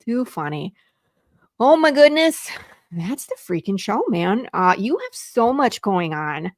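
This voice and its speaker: A woman's voice: mid-range voice, takes it slowly, no echo, studio quality. A woman hosting a casual video-call talk show, telling stories with lots of laughter. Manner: laughing, animated storytelling. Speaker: podcast host. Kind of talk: casual chat.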